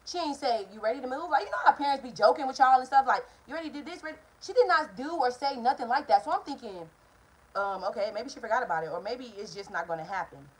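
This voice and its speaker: A young woman with a fairly high, slightly rough voice talks quickly and animatedly in a casual storytime vlog, recorded roughly indoors in her hot apartment room. Addressing her viewers directly, she tells a candid, heated story and swears freely.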